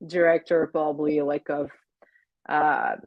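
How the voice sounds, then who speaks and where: A woman's voice: deep voice, flat delivery, measured pace, dull audio. A woman in her thirties with a French Canadian accent, a guest in a casual interview, talking hesitantly with many fillers. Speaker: guest, Olympic speed skater.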